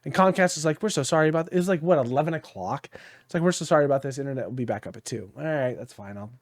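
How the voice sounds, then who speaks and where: A man's voice: on the high side, rapid-fire, no room sound, studio quality. A tired man co-hosting a podcast in casual chat, rambling and swearing freely. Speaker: podcast co-host.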